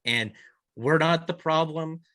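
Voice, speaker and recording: A man's voice: a little high, slow, bright, forceful tone, no echo, clean studio sound. A man co-hosting a casual sports podcast, talking earnestly and restarting his sentences often. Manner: rambling, repeats and restarts, earnest. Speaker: podcast co-host.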